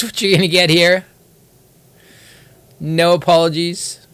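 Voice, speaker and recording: A man chats through a live game stream from his computer, drifting between thoughts in a wry, self-mocking way. His delivery is unhurried and loose. The sound is dry and close, with no room around it. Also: medium pitch, animated, a bit bright, dry recording. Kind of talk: casual live-stream commentary while gaming.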